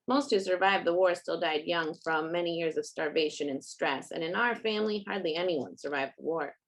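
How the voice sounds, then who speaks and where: A woman's voice: fairly low pitch, low-quality recording. Woman author reading her fiction. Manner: measured, first-person narrating.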